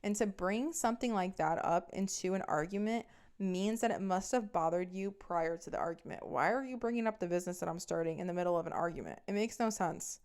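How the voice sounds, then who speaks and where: A woman's voice: fairly low pitch, a little fast, darkish tone, smooth. A young woman hosting a podcast, telling a personal story in a blunt, profane, emphatic way. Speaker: podcast host. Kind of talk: casual storytelling.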